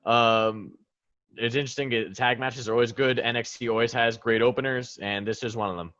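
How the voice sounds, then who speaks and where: A man's voice: medium pitch, fairly even intonation, moderate pace, a bit bright, dry recording, dull audio. A man co-hosting a wrestling podcast, chatty and amused as he recalls the match's mistakes. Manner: chatty, laughs at botches. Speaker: podcast co-host. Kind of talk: casual wrestling recap.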